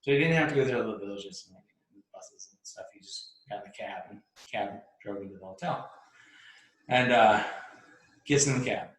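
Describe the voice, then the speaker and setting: A man's voice: lowish voice, normal speed, slight background noise. A man casually telling a long story, rambling with restarts, laughs and swearing. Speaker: podcast host telling a story. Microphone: laptop mic. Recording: echoey room.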